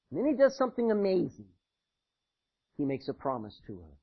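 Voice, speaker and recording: A man's voice: high voice, huge pitch swings, fairly quick, breathy edge. A man preaching a sermon, folksy and conversational, with chatty asides to the congregation. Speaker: pastor. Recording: dull lo-fi recording.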